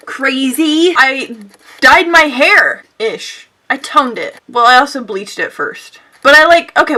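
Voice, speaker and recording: A young woman talks her way through a makeup look, rambling from one thought to the next and poking fun at herself. Her voice sits a little high and sounds bright and forward, and she keeps chatting casually to her viewers as she works. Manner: rambling, bubbly, self-mocking. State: sweaty and out of breath. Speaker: beauty vlogger.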